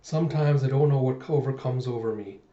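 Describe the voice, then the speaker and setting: A man voicing a sheepish half-cyborg man who apologizes quietly. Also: medium pitch, fairly quick, distant mic, natural voice. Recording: muffled, echoey room.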